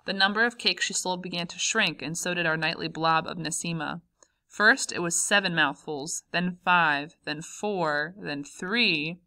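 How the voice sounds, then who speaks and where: A woman narrating a memoir audiobook in a calm, measured way. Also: lowish voice. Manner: calm, measured, first-person memoir reading. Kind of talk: audiobook reading.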